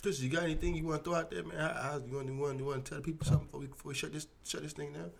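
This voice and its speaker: A man's voice: on the high side, fairly even intonation, very fast, gravelly. A man co-hosting a casual chat, teasing and playful. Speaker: co-host.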